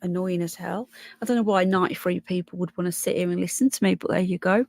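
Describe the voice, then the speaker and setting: A woman's voice: on the low side, fairly even intonation, fast talker, a little mellow, no echo. Chatty Brummie woman, dry close sound. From Birmingham, England. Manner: chatty, thinks aloud, stumbles over names. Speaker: livestream host. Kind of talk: casual live chat reading news and viewer comments.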